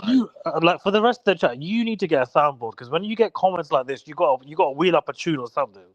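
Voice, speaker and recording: A man's voice: a little high, expressive, quick pace, dry recording, highs cut off. A young man bantering as a guest on a fan livestream, teasing and stumbling over repeated words.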